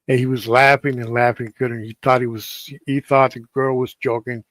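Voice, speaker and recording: A man casually telling a ghost story on a stream, halting often and restarting his sentences. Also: medium pitch, little pitch movement, fairly bright tone, no room sound. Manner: halting, many restarts and fillers.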